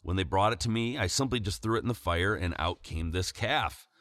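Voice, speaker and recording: A man reading aloud the lines of a defensive male priest making excuses, a little higher than his narrating voice. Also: brisk, fairly bright tone, no room sound, studio quality.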